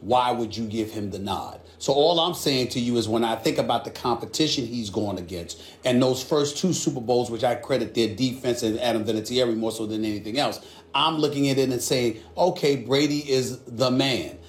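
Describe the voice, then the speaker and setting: A man argues on a sports debate show with a loud, emphatic, repetitive rant. His voice sits in a roomy space with audible echo. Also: medium pitch, a little fast. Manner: emphatic, ranting, repeats himself.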